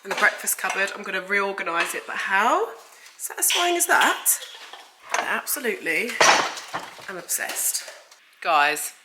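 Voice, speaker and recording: A woman's voice: mid-range voice, normal speed, very noisy. A woman chatting casually to camera at home as a beauty vlogger, effusive and chatty, sounding a little stuffy. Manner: chatty and effusive, frequent "like" and "guys". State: slightly stuffy, bunged up. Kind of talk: casual vlog chat to camera. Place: at home, indoors.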